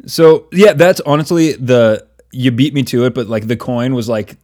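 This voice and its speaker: A man co-hosting a casual chat, talking loosely with lots of filler words and quick laughs. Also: medium pitch, darkish tone. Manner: laughs often, many fillers and restarts. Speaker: podcast co-host.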